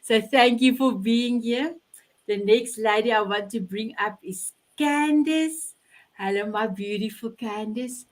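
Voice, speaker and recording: A middle-aged woman hosts a live online show, her voice sitting a little high. She speaks slowly and effusively, heard through a video call. She repeats words and restarts her sentences often. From South Africa. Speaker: host.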